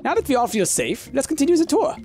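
A streamer doing a cheery inn tour guide who pitches everything in a raised, lilting, salesy voice, up and down like a hotel brochure read aloud. Faint game music runs underneath. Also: sing-song, fast talker. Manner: bright, salesy hospitality patter.

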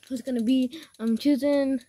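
High-voiced excitable woman gaming. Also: husky, no room sound. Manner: excitable, gasping and giggling, frightened squeals. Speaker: gamer recording her play. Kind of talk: casual gaming commentary.

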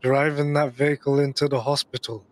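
A man's voice: mid-range voice, flat delivery, brisk, no echo, natural voice. A man voicing a firm young police officer giving commands. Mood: stern. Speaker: roleplayer. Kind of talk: game role-play.

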